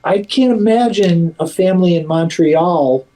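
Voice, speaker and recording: A man with a mellow, warm tone talks casually in an interview about his community work. He rambles and restarts, stacking up fillers, but keeps pressing his points with emphasis. When he quotes others, his voice turns livelier. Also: high voice, measured pace, rough recording.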